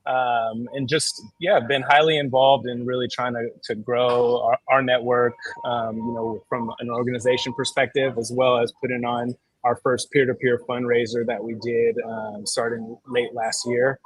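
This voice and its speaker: A man's voice: mid-range voice, level tone, normal speed, few pauses, no room sound, low-quality recording. A man, vice chair of a board, recounts how he got involved in a laid-back, slangy storytelling manner. His voice sits in the middle range and is recorded dry. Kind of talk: casual interview answer.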